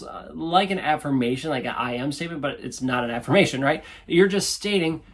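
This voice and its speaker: Earnest husky-voiced man giving advice. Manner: earnest, repeats points for emphasis; animated, acts out quoted speech in a higher voice. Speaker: relationship advice host. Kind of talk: casual advice monologue.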